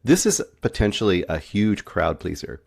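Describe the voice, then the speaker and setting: A man co-hosting a movie review podcast in casual chat, thoughtful and quick to laugh. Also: on the low side, sing-song, vocal fry. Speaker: podcast co-host.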